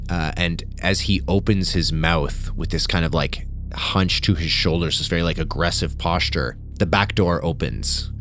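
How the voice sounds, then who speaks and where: Brief: deep-voiced male game master, casual and descriptive. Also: normal speed, hardly any pauses, a little hiss or hum. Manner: relaxed, filler-heavy narration with asides. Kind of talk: narrating a tabletop horror game.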